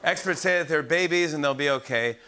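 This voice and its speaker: Speaking fairly quickly in a slightly high voice, a forties-aged late-night host runs through his comedy monologue and laughs at his own jokes. The broadcast comes from a TV studio with a live audience whose laughter is loud, and there's a little hiss or hum.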